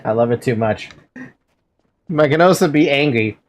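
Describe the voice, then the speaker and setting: A man's voice: mid-range voice, lively intonation, a little slow. A young man streaming a game from home, chatting casually with playful, giggly, melodramatic complaints.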